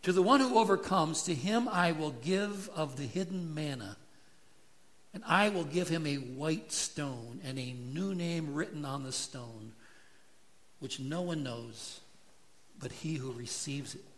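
A man's voice: a little high, animated, a little slow. A man preaching an expository sermon, earnest and building in intensity as he explains scripture. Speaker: pastor.

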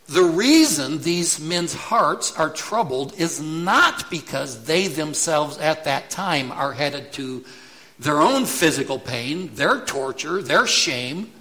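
A male pastor delivers a measured expository sermon, taking his time over each point. His voice is bright and forceful, and he briefly acts out quoted lines as he teaches. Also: fairly high pitch.

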